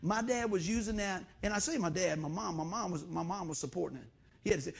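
A middle-aged man preaching a sermon as pastor, in a folksy, animated storytelling way. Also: sits high, quick pace, vocal fry, husky.

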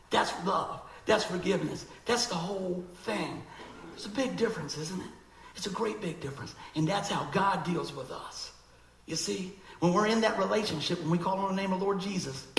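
Animated preacher with a gravelly voice. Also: male voice, high-pitched, moderate pace, echoey room, a little hiss or hum, rough recording. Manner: animated, conversational, acts out quoted voices. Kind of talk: sermon.

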